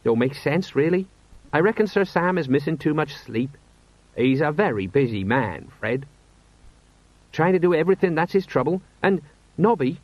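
A man's voice: on the high side, lively intonation, normal speed, no room sound, voice pushed up. Male reader doing a raised, rambling city-watch sergeant, homely, dull recording. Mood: uneasy. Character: slow-witted, worried middle-aged male sergeant. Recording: dull, slightly lo-fi.

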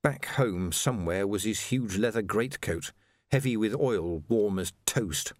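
A man narrating a novel as an audiobook, with dramatic, expressive storytelling. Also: fairly low pitch, unhurried, dry recording, clean studio sound. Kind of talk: scripted narration.

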